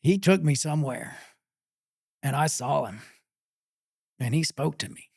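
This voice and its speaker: Middle-aged Texan man, interview guest, slow and halting, dry close sound. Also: on the high side, creaky, breathy edge, dry recording. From Texas. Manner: halting, with many pauses and fillers. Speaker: pit master guest. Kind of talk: interview storytelling.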